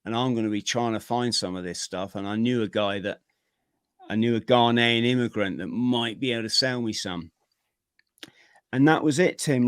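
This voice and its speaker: A middle-aged man, a podcast guest, telling his own story in a vivid, energetic way with plenty of slang. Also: fairly low pitch, smooth, no room sound, clean studio sound. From Britain. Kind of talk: personal storytelling in an interview.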